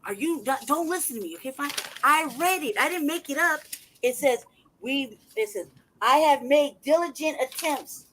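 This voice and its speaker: A man's voice: extremely high pitch, animated, normal speed, a little hiss or hum, low-quality recording. A man venting in an angry, profanity-heavy rant as a podcast host. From United States. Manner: angry, profane, loud outbursts. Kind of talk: heated casual rant.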